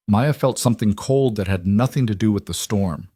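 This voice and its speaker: A man narrating a scripted story in a steady, even manner. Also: on the low side, normal speed, slightly rough, no echo, studio quality.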